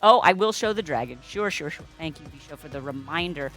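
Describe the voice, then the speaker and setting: A woman's voice: low voice, lively intonation, brisk, a bit bright, soft background music. A woman hosting a casual livestream as a balloon artist, chatty and playful, greeting viewers and making puns. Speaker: balloon artist streamer host.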